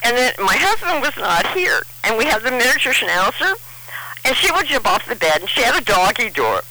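A woman's voice: fairly high pitch, big pitch swings, brisk, bright, forceful tone, a little hiss or hum, low-quality recording. A middle-aged woman telling a personal story in a rambling, emotional way, often restarting her sentences.

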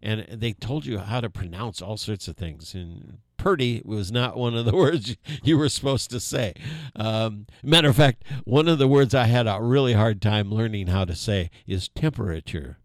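Rambling older radio host, low and dry. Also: male voice, moderate pace, no room sound. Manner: rambling, many fillers, folksy asides. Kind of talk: casual on-air talk.

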